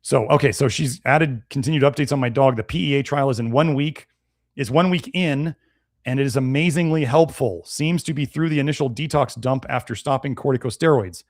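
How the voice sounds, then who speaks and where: A man hosting a nutrition live stream, answering viewer comments in a blunt, conversational and animated way. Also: mid-range voice, fairly quick, dry recording, clean studio sound. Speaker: nutrition show host.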